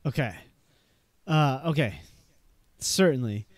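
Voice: mid-range voice, expressive, slow pace, no echo. A game master running a tabletop game, narrating with many hesitations and fillers.

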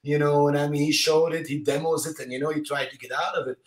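A man, a martial arts instructor, chatting as a podcast guest. He tells stories animatedly in quick fragments, with many "you know"s. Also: a little high, fairly even intonation. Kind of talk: casual interview storytelling. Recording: roomy echo.

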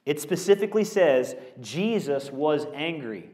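An animated pastor, a man delivers a conversational sermon, piling up rhetorical questions as he goes. His voice sits on the higher side for a man. The sound rings around a large auditorium. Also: measured pace. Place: school auditorium used as a church. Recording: echoey auditorium.

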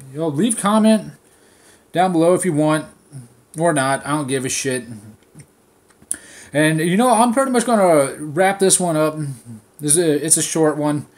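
A man with a slightly high voice rants freely and swears constantly, telling his story with animated energy. It is a casual, off-the-cuff monologue recorded on a phone. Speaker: podcast host. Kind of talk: profane casual rant.

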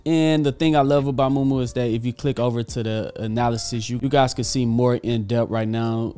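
A man hosting a casual finance video, upbeat and energetic with offhand asides. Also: medium pitch, clear, resonant tone. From Texas. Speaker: host. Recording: faint background music.

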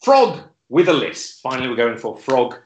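A man hosting an online comedy club, delivering deadpan stand-up in a hesitant way with lots of filler words. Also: medium pitch, moderate pace, roomy sound, poor audio. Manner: hesitant, many fillers and restarts, dry delivery.

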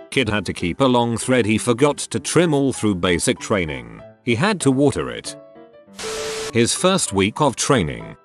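A man reading online stories aloud in a scripted narration style, sounding things out quite literally, even spelling out abbreviations. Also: lowish voice. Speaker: story narrator.

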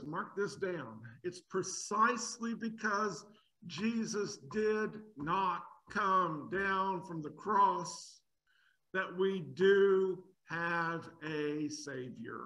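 A man's voice: a little high, animated, unhurried, bright, forceful tone, rough recording. A man preaching an expository sermon, emphatic, asking rhetorical questions and often repeating words as he builds a point.

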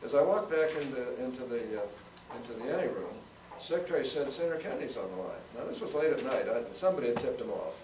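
A man's voice: mid-range voice, sing-song, quick pace, hardly any pauses. Older man telling stories, roomy distant sound. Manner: folksy anecdotal, acts out quotes. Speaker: guest speaker, senator. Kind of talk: storytelling talk to students. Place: campus event room. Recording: roomy, from far off, noisy.

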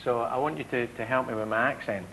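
A man's voice: mid-range voice, fairly even intonation, fast talker, sharp tone, a little hiss or hum, low-quality recording. A Scottish man hosting a comedy show, teasing guests with joking banter. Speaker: show host. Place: TV studio with live audience. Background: audience laughter and applause.

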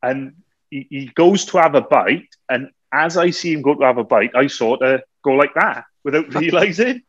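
A man co-hosting a podcast, telling a story in a lively way, often laughing and acting out what people said. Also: a little high, normal speed, dry recording. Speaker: podcast co-host. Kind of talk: anecdotal storytelling. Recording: slightly dull, dry recording.

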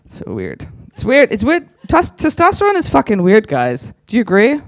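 A man's voice: high-pitched, huge pitch swings, normal speed, no echo, studio quality. A man doing stand-up on a conference stage, teasing the audience with crude, chatty crowd work. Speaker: stand-up comedian.

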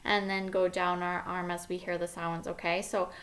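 A woman's voice: fairly low pitch, level tone, a bit bright. A woman teaching a phonics lesson to kindergarteners, sounding out letters one by one and praising often. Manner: slow, sound-by-sound enunciation with encouraging praise. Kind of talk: phonics lesson for young children.

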